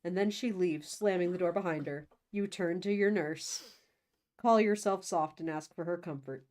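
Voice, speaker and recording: A woman's voice: on the low side, moderate pace, darkish tone. Wry woman narrating a storybook. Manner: wry, conspiratorial storytelling asides. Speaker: co-host reading an interactive book. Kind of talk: casual read-aloud of a choose-your-path story.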